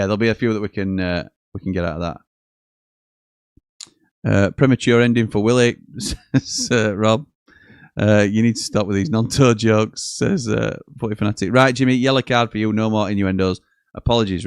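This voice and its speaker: Man, live match watchalong host, low voice, dry close sound, jokey and chatty. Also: moderate pace, clean tone, dry recording. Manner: chatty, jokey, reads out messages and chuckles often. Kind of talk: live casual commentary reading viewer chat.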